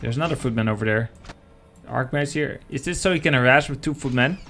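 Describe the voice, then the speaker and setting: A man casting a strategy game match live, chatty and excitable, talking to viewers as guys. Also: mid-range voice, quick pace, a little hiss or hum. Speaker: esports caster.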